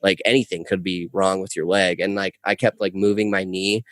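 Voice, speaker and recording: A young man, a podcast guest, telling a rambling story with animated, casual swearing. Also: deep voice, a little fast, dry recording. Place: podcast studio. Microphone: close podcast mic.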